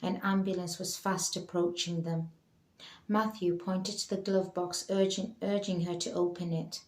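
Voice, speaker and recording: Woman storyteller, calm, measured narration, roomy echo. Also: lowish voice, slight background noise. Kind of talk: scripted narration.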